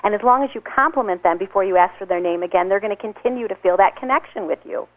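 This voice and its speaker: A woman's voice: mid-range voice, quick pace. A woman author giving enthusiastic advice in an interview, speaking over the phone. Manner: enthusiastic, acts out little scenes. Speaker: author and guest. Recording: tinny phone line.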